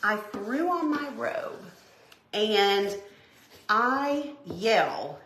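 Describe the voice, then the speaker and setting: A woman hosting a home craft video, chatting and telling a story in an animated, exclaiming way as she works. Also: medium pitch, extremely slow. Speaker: DIY crafting host. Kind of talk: casual storytelling while crafting. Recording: roomy echo.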